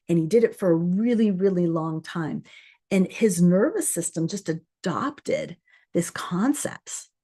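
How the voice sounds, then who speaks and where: Earnest coaching woman with a mellow voice. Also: fairly low pitch. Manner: earnest and conversational, with many fillers and restarts. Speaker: course host. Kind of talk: coaching talk to a live group.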